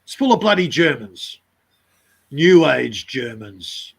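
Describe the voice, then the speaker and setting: A man's voice: sing-song, takes it slowly, vocal fry, husky. A man in casual chat, blunt and jokey. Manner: blunt, jokey, mimics others in high voices.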